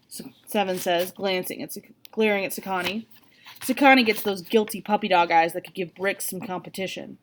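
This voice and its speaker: A woman reading a novel aloud, with an expressive, even delivery. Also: mid-range voice, moderate pace. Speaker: reader.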